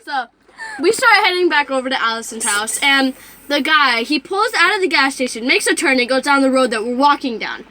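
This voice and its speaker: Teen girl rambling thru a creepy story, giggles and swears, bright high voice, camera mic. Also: animated, fairly quick. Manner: rambling, giggly, cusses often. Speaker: vlogger telling a story. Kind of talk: casual storytelling vlog.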